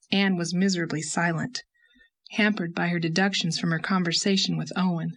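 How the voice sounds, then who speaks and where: A woman narrating an audiobook in a measured, expressive reading. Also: on the low side.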